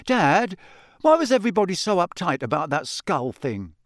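Pitched above his own natural voice, a man performs a blunt, offhand teenage boy, sitting high and very animated at a normal speed. The recording is dry, with clean studio sound.

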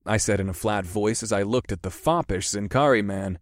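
A man narrating a first-person fantasy audiobook in a steady, measured way. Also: fairly low pitch, no room sound, clean studio sound.

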